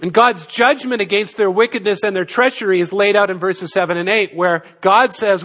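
High-voiced pastor preaching a sermon. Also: male voice, steady tone, fairly bright tone. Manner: measured teaching, rhetorical questions. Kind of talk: expository sermon.

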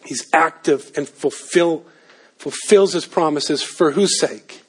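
A man preaching a sermon, animated, rising to emphatic peaks and dropping to low asides. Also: takes it slowly, husky. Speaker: pastor.

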